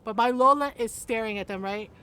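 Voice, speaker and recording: A woman's voice: on the high side, brisk, bright, forceful tone, clear, resonant tone. A woman streamer telling a family story in a casual way on her live stream, laughing often and asking "right?" after her lines. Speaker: gaming streamer.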